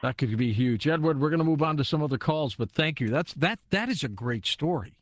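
A man's voice: on the high side, lively intonation, a little fast, no echo. A male radio host taking calls, easygoing, with short reactions. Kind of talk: late-night talk radio hosting. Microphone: studio microphone. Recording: dry studio sound.

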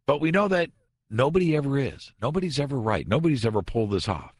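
A man's voice: medium pitch, expressive, quick pace, dry recording. A man hosting a late-night radio talk show, delivering a sarcastic, conversational monologue from a studio.

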